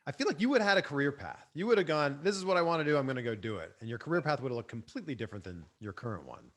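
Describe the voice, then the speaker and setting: A man's voice: medium pitch, animated, rapid-fire. A man hosting a casual interview, asking curious questions and giving short affirmations. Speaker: interview host.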